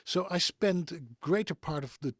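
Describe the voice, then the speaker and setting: A Dutch-born middle-aged voice actor, whose native tongue is Dutch, talks in neutral European English as a video-call interview guest, drifting between topics and chuckling as he goes. His voice sits high at a normal speed. The recording is clean studio sound without room tone.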